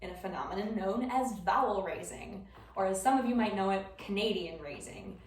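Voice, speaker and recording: A woman's voice: mid-range voice, animated, brisk, a little hiss or hum. A young woman with a Wisconsin accent giving a casual class presentation, chatty and informal with frequent ums. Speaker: student presenter. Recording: roomy classroom from far off.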